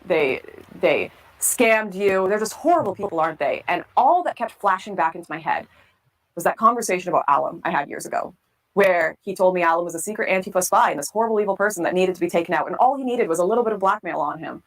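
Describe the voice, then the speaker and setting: A woman recounts her political past at a quick clip, candid and reflective. Her voice sits fairly low, and she slips into brief impressions when she quotes others. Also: poor audio. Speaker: political commentator telling her story. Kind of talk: storytelling interview.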